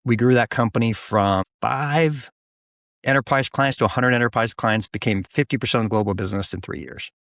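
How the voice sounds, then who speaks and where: A middle-aged man telling his career story as a guest in a casual interview, animated and full of restarts. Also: mid-range voice, brisk, vocal fry, no echo, studio quality. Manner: animated, restarts often, acts out quoted voices. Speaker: guest, business founder.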